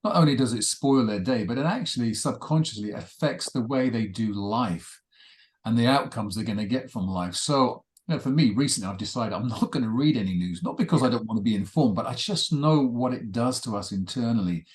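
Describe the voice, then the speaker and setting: A man co-hosting a webinar, with a mid-pitched voice. He talks in a measured, reflective way. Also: darkish tone. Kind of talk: conversational webinar talk.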